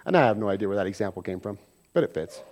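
A pastor delivers a conversational sermon in a lowish, expressive voice, lurching from loud emphasis to quiet asides. He acts out everyday quarrels in quick mock voices.

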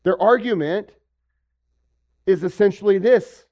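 A man's voice: high-pitched, measured pace, warm tone, muffled recording. A man preaching a sermon, asking rhetorical questions and acting out the voices of the people he quotes. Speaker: pastor.

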